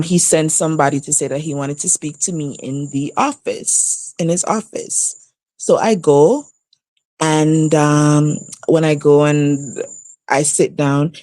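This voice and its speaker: A woman in her thirties recounts a personal story in an animated, casual way, laughing often. Her voice sits fairly low and she talks at an unhurried pace. The sound is dry and close. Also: no echo. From outside the U.S. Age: 30s. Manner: animated, laughs often, jumps up high for emphasis. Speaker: guest telling her story on a live stream. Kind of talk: casual storytelling on a live stream. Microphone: live stream setup.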